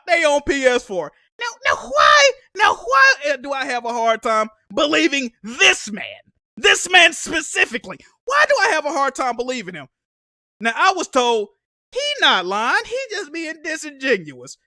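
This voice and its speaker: Here a young man with a very high voice is ranting live on stream about a console event, swearing, animated and clearly exasperated, recorded at studio quality with no room sound.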